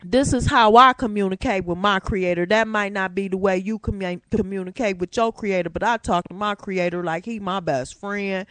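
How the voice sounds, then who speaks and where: A woman hosting her own talk show from her room, preaching and testifying in an animated way with African American Vernacular English. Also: medium pitch, normal speed, hardly any pauses, no echo. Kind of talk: casual religious talk show monologue.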